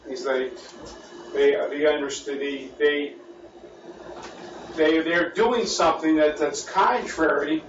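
A man's voice: a little high, slow, long pauses. A man with an American accent leading a church Bible study as pastor, repeating his words as he thinks and asking the class questions. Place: church meeting room. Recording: roomy, distant, dull and lightly noisy.

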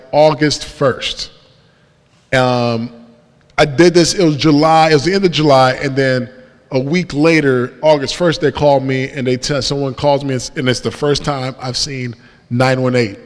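Young male speaker, mid pitch, animated church testimony storyteller, big reverberant hall. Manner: lively storyteller who acts out dialogue and laughs at himself. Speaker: guest speaker. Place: church sanctuary.

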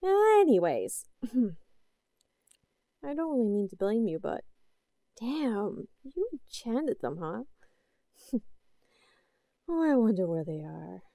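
A woman's voice: fairly high pitch, very animated, slow pace, vocal fry, pauses often, warm tone, dry recording, studio quality, exaggerated voice. A woman voicing an obsessive, possessive girlfriend in an audio drama, sweet-talking with unsettling laughs. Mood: sweetly menacing.

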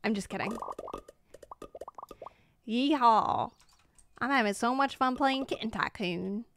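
A young American woman chatting excitedly while livestreaming a game, reading out chat and reacting with bubbly exclamations. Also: fairly high pitch, a little fast, no echo. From United States. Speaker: streamer. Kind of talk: live game commentary.

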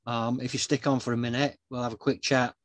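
A man's voice: medium pitch, level tone, fast talker, no echo. A man hosting a casual live-stream interview, hesitant, with many ums and restarts. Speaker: podcast host.

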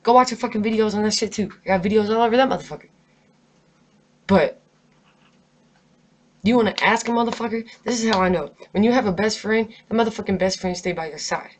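A woman rants to her camera in a heated, emphatic voice, swearing constantly as she vents her stress. Her pitch sits in a middle range, neither high nor low, and she leans hard on her words. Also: fairly quick, pauses often. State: angry, stressed. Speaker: vlogger. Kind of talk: unscripted rant to camera.

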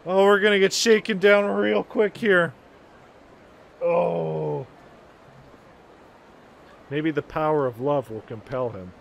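A man streaming a game who gives excitable, casual commentary and laughs and swears often. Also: on the high side, takes it slowly, creaky, long pauses, a little hiss or hum.

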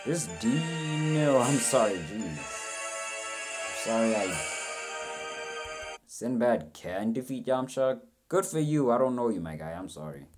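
A man's voice: lowish voice, lively intonation, takes it slowly, pauses often, over music. A young man giving a rambling, self-mocking reaction commentary, swearing freely as he goes. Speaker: reaction video host.

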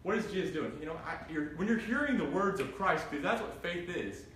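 A man's voice: on the high side, brisk. A man preaching an interactive Bible study, reading scripture and asking the group questions. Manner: animated, asks the group questions, reads scripture aloud. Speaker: pastor. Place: church room. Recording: echoey room from far off, faint noise.

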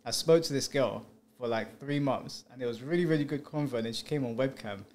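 A man's voice: medium pitch, fairly quick. Chatty man with a mid voice. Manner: chatty, lots of "like" fillers, mumbles when quiet. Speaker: podcast co-host. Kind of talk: casual chat.

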